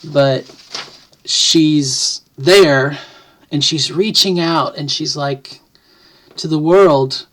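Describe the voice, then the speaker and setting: A woman's voice: sits low, slow, a bit bright. Middle-aged trans woman, home vlog, reflective, rambling, wry. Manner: thoughtful, rambling, with many restarts and self-deprecating jokes. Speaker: vlogger. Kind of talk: casual to-camera talk. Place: home, at a computer desk.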